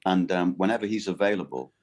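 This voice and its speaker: Gravelly low-voiced man, halting speech. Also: a little mellow. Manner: halting, many restarts and fillers. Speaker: voice actor guest. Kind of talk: casual interview chat.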